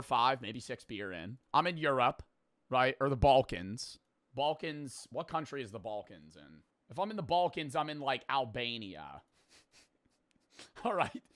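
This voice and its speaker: A young man streaming, giving excitable, profane, rambling commentary as he reacts to a video. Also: mid-range voice, no room sound, clean studio sound.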